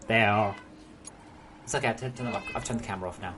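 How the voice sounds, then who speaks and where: A man's voice: medium pitch, racing, fairly bright tone, slight background noise. Chatty young English man streaming. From England. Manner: chatty, joking, swears freely. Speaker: game streamer. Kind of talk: casual live-stream chat.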